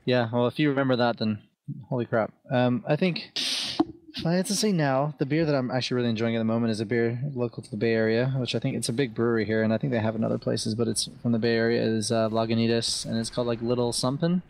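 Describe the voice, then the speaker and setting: A British man talks at a fast clip as a podcast guest. His voice is mid-pitched, and he rambles along in an easy, self-deprecating way. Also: fairly even intonation, vocal fry, darkish tone. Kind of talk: casual podcast chat.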